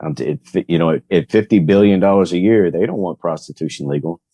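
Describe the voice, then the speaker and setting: Man panelist, very low voice, halting delivery. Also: warm tone, breathy edge, no room sound, muffled recording. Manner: halting, restarts words. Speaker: podcast panelist. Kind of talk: casual chat.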